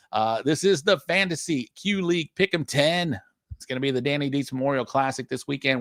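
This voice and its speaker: A man hosting a livestream show, chatting casually and reading out viewer shout-outs. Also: mid-range voice, creaky, dry recording. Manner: reads out viewer names in quick shout-outs.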